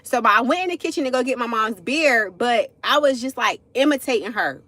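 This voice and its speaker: A woman's voice: fairly high pitch, expressive, fairly quick, pushed and bright, no room sound. Chatty forty-year-old woman telling a story to viewers. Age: 40s. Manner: chatty, addresses viewers as y'all, frequent asides. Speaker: livestream storyteller. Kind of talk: casual storytime livestream.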